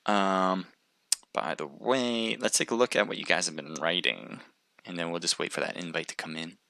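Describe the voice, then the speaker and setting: A man's voice: sits low, moderate pace, vocal fry, bright, forceful tone, dry recording. A man casting a live stream, chatting casually with viewers and thinking aloud with frequent restarts. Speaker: livestream caster.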